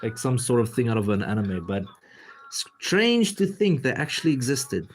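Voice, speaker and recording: A man's voice: medium pitch, very animated, moderate pace. Easygoing man chatting while drawing. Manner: rambling, easygoing, talks while working. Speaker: artist streaming while drawing. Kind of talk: casual livestream chat.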